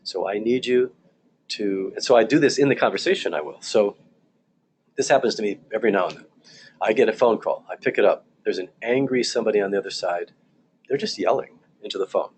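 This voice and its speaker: A man teaching church leaders in a calm, measured seminar talk, often restarting his phrases and repeating key points. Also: lowish voice, slight background noise. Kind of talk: recorded seminar lecture.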